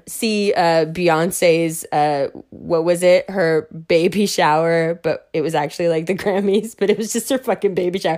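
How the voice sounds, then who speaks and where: A woman getting over the flu, talking to her viewers about astrology in a blunt, profane, animated ramble. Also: fairly low pitch, a little slow. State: recovering from flu, voice a bit off. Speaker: astrology content creator. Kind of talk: casual rambling monologue to viewers.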